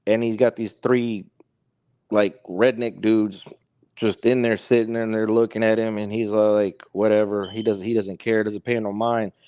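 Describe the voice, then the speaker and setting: A man's voice: on the low side, little pitch movement, moderate pace, warm tone, smooth, dry recording. A man as a podcast guest, telling a long story in a rambling way, stringing it together with "he's like" and "he goes". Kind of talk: casual storytelling.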